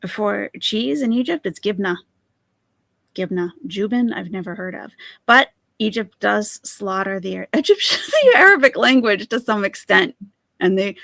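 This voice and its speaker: A woman's voice: mid-range voice, creaky, no room sound. A woman hosting a live stream, giving sarcastic, mocking reaction commentary.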